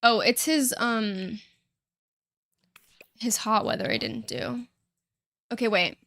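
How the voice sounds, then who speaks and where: A woman's voice: on the high side, takes it slowly, creaky, fairly bright tone, dry recording. A young woman streaming a life-sim game, chatting casually and rambling with frequent laughs and casual swearing. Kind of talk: casual livestream chat while playing a life-sim game.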